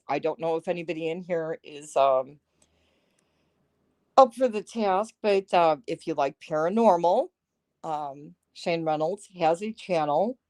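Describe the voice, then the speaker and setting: A woman's voice: fairly low pitch, a little mellow, dry recording. A woman hosting a casual livestream, chatty and sarcastic, often breaking into laughter, talking into a phone microphone. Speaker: livestream host. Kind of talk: casual live-stream chat.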